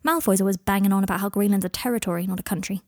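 A woman's voice: medium pitch, very fast, a little mellow, no echo, studio quality, lightly acted. A woman voicing an awkward, hesitant young wizard man who speaks plainly.

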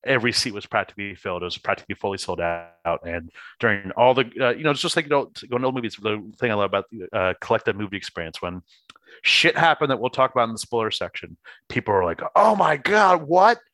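A man with a lowish, bright, forceful voice in casual podcast chat. He is enthusiastic, laughs easily and swears casually. The sound is dry and close. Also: fast, no echo. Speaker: podcast co-host.

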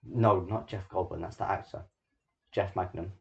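A man's voice: deep voice, steady tone, normal speed, creaky, highs cut off. A teenage boy hosting a homemade podcast, talking bluntly and teasing his friend, with plenty of swearing. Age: teens. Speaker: podcast host. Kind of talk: casual chat. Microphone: small home microphone.

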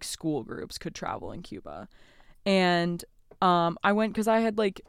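Young woman, podcast co-host, smooth clear voice, dry close recording. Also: deep voice, no room sound. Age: young adult. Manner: laid-back storytelling with fillers. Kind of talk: casual chat.

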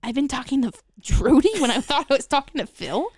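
A woman's voice: high-pitched, expressive, brisk, darkish tone, no echo, clean studio sound. A woman host bantering casually and teasing her co-host with mock threats. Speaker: podcast host.

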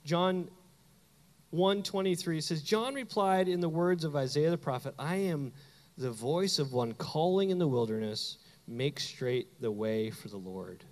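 A man from Canada preaching a sermon, telling a personal story with animated delivery and acted-out quotes. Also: a little high, a little slow, big-room sound. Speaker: pastor.

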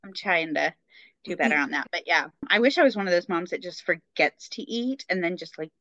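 Woman co-host, casual chat, bright forceful voice, dry dull lo-fi sound. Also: lowish voice, lively intonation, no echo. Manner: fast, chatty, lots of fillers. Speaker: podcast co-host.

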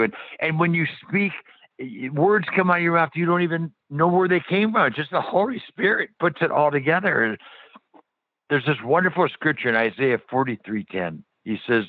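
A man's voice: fairly high pitch, dry recording. A passionate man tells faith stories as a radio guest. He talks eagerly and restarts his sentences often. His voice is dry and tinny, as if heard over a phone line. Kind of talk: faith testimony on a radio interview.

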